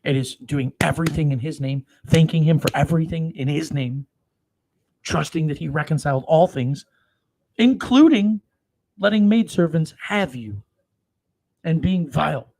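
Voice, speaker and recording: A man preaching, who reads scripture slowly and solemnly, then breaks into crude, swearing commentary with loud outbursts. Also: fairly high pitch, expressive, gravelly. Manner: profane, swings between slow solemn reading and loud outbursts.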